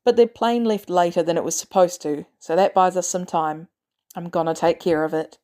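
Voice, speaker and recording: A woman voicing a gruff, weary male ex-soldier who talks bluntly and curses often, in a podcast reading of a story. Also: on the low side, normal speed, mellow, natural voice. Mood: grim.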